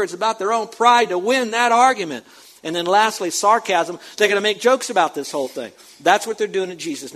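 A male pastor preaching an emphatic sermon, repeating words for stress and swinging between loud and soft. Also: high-pitched. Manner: emphatic, repeats for stress, rises and drops loudness.

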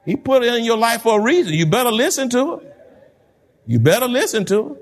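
A pastor preaching a sermon, animated, repeating words and laughing between points. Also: male voice, very high voice, brisk.

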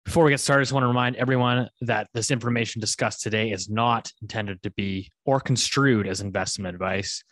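A man from Canada hosts a casual finance podcast, with lots of fillers and restarts. His voice sits fairly low. The sound is dry and close. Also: steady tone, a little fast, hardly any pauses, a bit bright, dry recording. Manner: loose, many fillers and restarts. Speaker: podcast host. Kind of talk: casual podcast chat and ad read.

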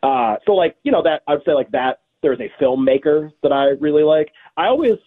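A man talks casually and rambles, piling on fillers and restarting his sentences. His voice is husky and comes through a narrow, tinny phone line. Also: fairly high pitch, expressive, brisk. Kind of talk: casual chat.

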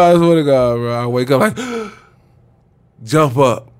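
A man's voice: medium pitch, lively intonation, unhurried, pauses often. A man in his thirties, a former pro basketball player, telling a long casual story as a podcast guest. He talks in slang and keeps saying "bro" and "swear to God.".

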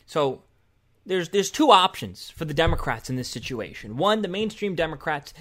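Over video clips, a man hosting a political commentary show offers opinions in a medium-pitched, expressive, sharp voice at normal speed. He argues sarcastically and combatively, now and then mimicking the other side in a mocking put-on voice.

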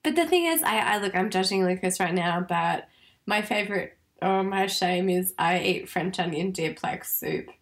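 A woman's voice: on the low side, normal speed. A woman co-hosting a podcast, chatting frankly, swearing and laughing often. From Australia. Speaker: podcast co-host. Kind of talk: casual chat.

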